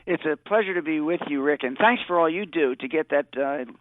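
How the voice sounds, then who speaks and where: A man's voice: a little high, brisk, no room sound. Male political strategist calling in, narrow phone sound, dry, assertive and full of figures. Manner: assertive, rattles off statistics. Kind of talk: political talk radio interview. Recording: tinny phone line.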